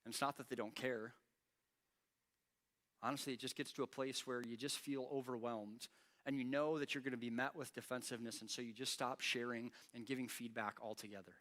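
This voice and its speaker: A man preaching a sermon as pastor, animated and acting out quoted lines with rising intensity. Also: medium pitch, fairly quick. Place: church.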